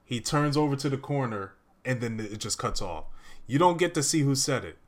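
A man's voice: medium pitch, animated, normal speed. A young man reviews a movie in easy, casual chat. His recap wanders, packed with fillers and restarts, in a plain mid-range voice. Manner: rambling recap full of "uh" and "like".

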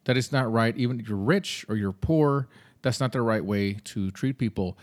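Man, podcast host, casual monologue, blunt, mild cursing, middle pitch. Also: moderate pace. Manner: blunt, conversational, with mild swearing.

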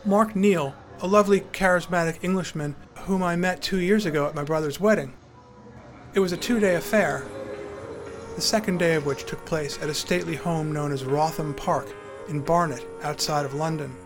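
A man's voice: a little high, normal speed, over music. A man narrating his own memoir in a wry, conversational storytelling manner.

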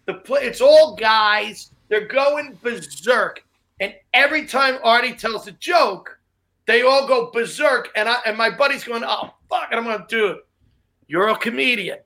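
High, bright-voiced man telling anecdotes. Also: a little slow. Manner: rambling anecdote, profane. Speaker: comedian guest. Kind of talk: casual comedy chat.

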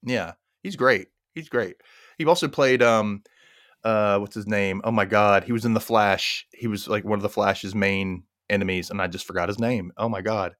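A man's voice: fairly low pitch, normal speed, fairly bright tone, dry recording, clean studio sound. A man hosting a podcast, recapping a TV episode in casual chat, laughing often and mimicking the characters in silly voices. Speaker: podcast host.

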